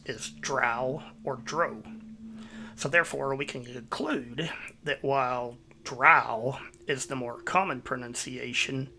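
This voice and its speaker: A man hosting his own video, giving a measured, explanatory voice-over. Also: medium pitch, sharp tone, slight background noise. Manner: measured, explanatory, citing sources. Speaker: YouTube host.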